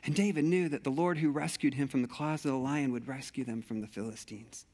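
A male pastor preaching a sermon, telling a personal story with animated energy and acting out the scenes. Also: a little high, fast.

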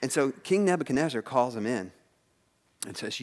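A man preaching a sermon, retelling scripture stories in a lively way and asking his listeners questions. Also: mid-range voice, moderate pace. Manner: animated storytelling preacher, asks the audience questions. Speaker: pastor.

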